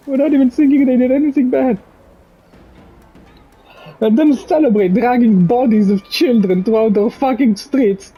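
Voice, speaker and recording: Young guy from israel crying into the camera, husky choked-up voice, stumbling over words, dull lo-fi sound with faint music. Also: high-pitched. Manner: halting, repeats words, swears, voice breaking. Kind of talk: emotional direct-to-camera monologue. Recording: dull lo-fi recording.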